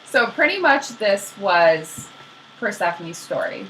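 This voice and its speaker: A young woman casually retelling myths as a podcast co-host, slangy and animated, acting out the characters. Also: medium pitch, takes it slowly, a little hiss or hum, rough recording.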